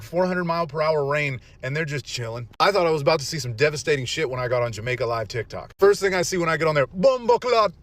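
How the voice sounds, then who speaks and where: A man giving excitable, profane casual reaction commentary. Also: on the high side.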